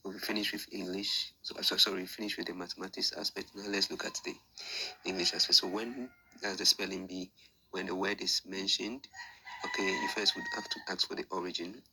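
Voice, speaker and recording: A low-voiced man teaches an online class. He explains each step patiently, repeats himself and thinks aloud with small fillers. His voice is gravelly and forceful, with a faint hiss of noise behind it. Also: huge pitch swings, fairly quick, poor audio. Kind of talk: screen-share lesson explanation.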